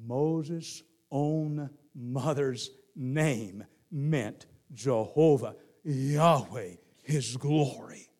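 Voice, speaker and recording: A middle-aged man with a Southern accent preaching a sermon, moving from hushed lines to shouted ones. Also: mid-range voice, extremely slow, hardly any pauses. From Southern United States. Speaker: pastor.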